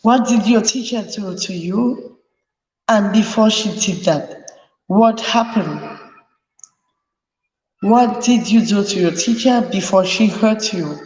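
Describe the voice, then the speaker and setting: A woman's voice: mid-range voice, slow pace, long pauses, a little mellow, highs cut off. A woman hosting a live parenting chat, earnestly advising parents and repeating her key points. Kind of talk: live talk to an audience. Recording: echoey room with long reverb.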